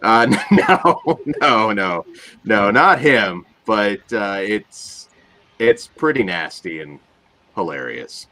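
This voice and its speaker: A man telling a relaxed story in a casual group chat, with many pauses and uhs. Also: fairly low pitch.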